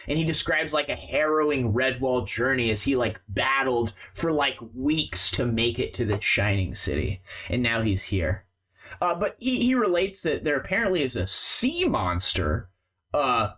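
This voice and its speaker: A man's voice: medium pitch, sing-song, normal speed, fairly bright tone. A man narrating a tabletop game as game master, rambling with many fillers.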